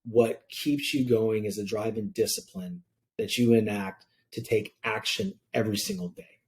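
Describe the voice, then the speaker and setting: A man's voice: lowish voice, steady tone, moderate pace, darkish tone. A man hosting a casual podcast interview, talking in a hyped, slangy, enthusiastic way. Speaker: podcast host.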